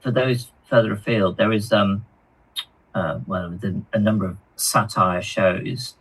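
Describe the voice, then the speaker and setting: A man co-hosting a hobby live stream, reading viewer comments aloud in a halting, chatty way with lots of ums and repeated words. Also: lowish voice, a bit bright, slightly rough, rough recording. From United Kingdom.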